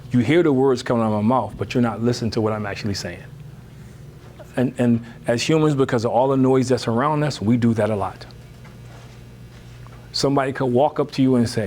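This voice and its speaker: A man giving a lively motivational talk to parents, full of rhetorical questions and "you know.". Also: a little hiss or hum. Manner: lively, emphatic, rising high when animated. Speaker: speaker on parenting.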